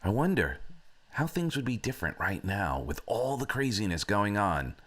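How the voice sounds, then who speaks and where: Bright-voiced man giving a motivational talk. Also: on the low side, sing-song, normal speed. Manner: reflective, with many fillers. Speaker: host.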